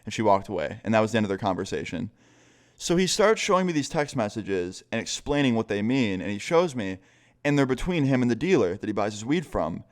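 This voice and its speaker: A man's voice: on the low side, very animated, brisk. A young man telling a casual storytime vlog in a loose, profane way, laughing now and then. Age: young adult. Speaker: vlogger.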